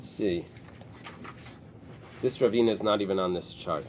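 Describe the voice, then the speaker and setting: This rabbi's male voice is low and somewhat dark as he teaches Talmud early in the morning to a small group in a synagogue study room. He stumbles through explanations with halting restarts and lots of fillers, over slight background noise.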